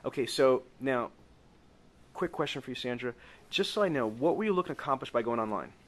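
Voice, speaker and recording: A man's voice: mid-range voice, animated, fairly quick. A man running a live sales training with role-play, coaching in an emphatic way that stretches key words and keeps checking the group agrees.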